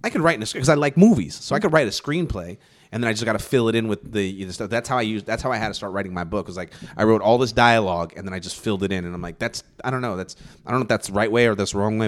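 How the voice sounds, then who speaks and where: A man's voice: fairly low pitch, rapid-fire. A young man from California chatting casually, rambling and swearing, with lots of fillers and restarts. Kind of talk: casual chat.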